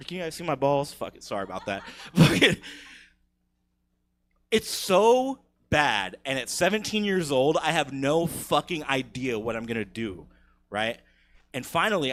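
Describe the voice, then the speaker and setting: A young man telling a profane, animated story on a comedy stage, laughing at his own jokes. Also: mid-range voice. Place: live comedy theater stage.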